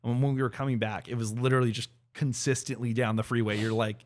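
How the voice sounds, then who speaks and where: A man's voice: medium pitch, fairly even intonation, quick pace, a little mellow. A man co-hosting a podcast in easygoing casual chat, often stopping to search for words. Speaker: podcast co-host.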